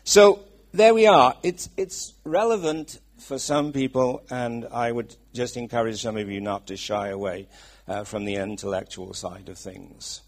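Welsh guy preaching, kinda husky, keeps asking the crowd stuff, middle aged. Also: lowish voice, steady tone, a little slow, a little mellow. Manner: chatty, asks the congregation questions. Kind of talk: sermon.

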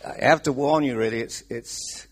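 Welsh guy preaching, kinda husky, keeps asking the crowd stuff, middle aged. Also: medium pitch, moderate pace. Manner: chatty, asks the congregation questions. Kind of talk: sermon.

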